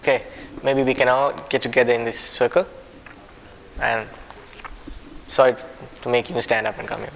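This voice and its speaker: A discussion leader from a warm-climate country guides a small circle in a meeting room, soft-spoken and apologetic, often restarting his sentences. His medium-pitched voice is steady with a gravelly edge, at normal speed with frequent pauses. Faint background noise runs underneath.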